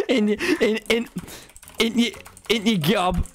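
Young guy yelling and laughing while gaming, high voice that jumps all over, faint hiss behind. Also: huge pitch swings, drawn-out words. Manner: swearing, laughing, clowning in a put-on gruff local accent. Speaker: streamer. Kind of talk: casual gaming chat.

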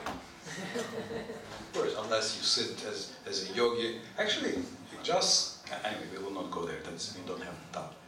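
Male lecturer with a very lively pitch, informal and chatty, quizzing the room; recorded off-mic in a booming hall. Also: unhurried, far from the mic. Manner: animated, chatty, asks the audience questions; clears his throat often. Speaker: lecturer on scripture. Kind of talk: informal scripture lecture to a live group. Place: temple hall. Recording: very echoey hall, voice from off-mic, faint noise.

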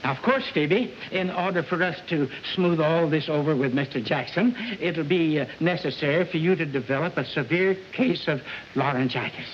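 A man's voice: fairly high pitch, moderate pace, a little hiss or hum, lightly acted. An actor playing a flustered, blustering male record company boss in 1940s film style. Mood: coaxing. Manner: blustering, then coaxing. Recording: dull old film soundtrack.

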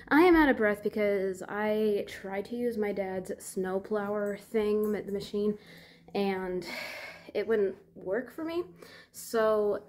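A woman's voice: mid-range voice, darkish tone. A young woman out of breath after shoveling snow, chatting casually to her phone camera outdoors with sighs and laughs. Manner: chatty, sighing and laughing between phrases. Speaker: vlogger. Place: outdoors in deep snow by a driveway.

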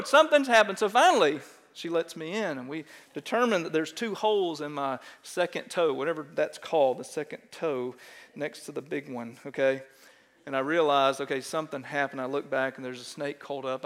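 A middle-aged pastor with a Texan accent, preaching a sermon and telling a self-mocking story in an animated way, often checking in with "right?". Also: male voice, a little high. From Texas. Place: large church sanctuary. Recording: long church hall reverb.

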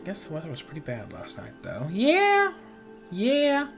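A man's voice: mid-range voice, expressive, quick pace, vocal fry. A man playing through a game, chatting playfully, joking, swearing, and reading the on-screen text aloud. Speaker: let's play gamer. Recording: game music playing under the voice. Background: game music.

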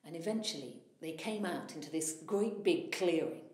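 A woman storyteller telling a folktale aloud in an animated way, swelling in loudness at the dramatic moments. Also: deep voice, moderate pace. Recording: echoey room.

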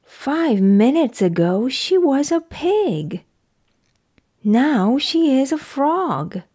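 A woman's voice: high voice, big pitch swings, drawn-out words, dark tone, slightly rough, voice pushed up, heavily acted. A woman voicing a cautious, worried male elephant who keeps asking puzzled questions, in a children's picture book read-aloud.

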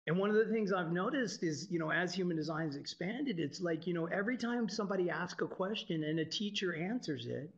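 A man's voice: sits high, expressive, brisk, few pauses. A man giving an informal, irreverent spiritual talk to a group, swearing freely and laughing often. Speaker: teacher. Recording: dull lo-fi recording.

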